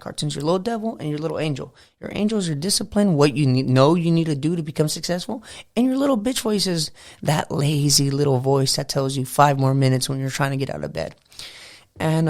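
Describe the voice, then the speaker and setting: Gravelly-voiced man hosting a morning podcast. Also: a little high, a little mellow, no echo, clean studio sound. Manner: loose, rambling, says "you know" and "bro" often. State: just out of bed, early morning voice. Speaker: podcast host. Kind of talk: casual motivational podcast talk.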